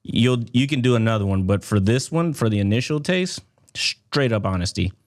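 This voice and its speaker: A man's voice: mid-range voice, expressive, moderate pace. Guy in his 30s, teasing podcast cohost, voice jumps all over, blunt and jokey. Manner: teasing, blunt, laughs a lot. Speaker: podcast co-host. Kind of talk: casual chat.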